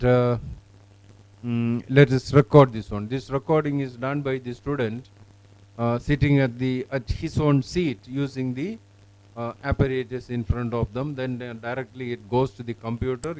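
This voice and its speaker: A man presenting teaching software, talking in a halting way with many fillers. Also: mid-range voice, fairly even intonation, poor audio. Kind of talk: product demonstration.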